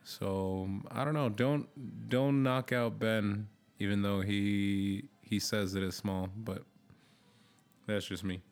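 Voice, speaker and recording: Young man, low voice, very slow, halting with fillers, casual guest chat. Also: steady tone, smooth, faint music behind. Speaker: podcast guest.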